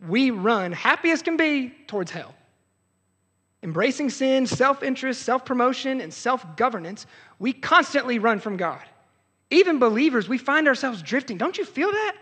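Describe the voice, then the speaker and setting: A young adult man preaching a sermon as pastor, earnest, swinging from loud outbursts to hushed lows. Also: breathy edge. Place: church sanctuary. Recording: hall reverb.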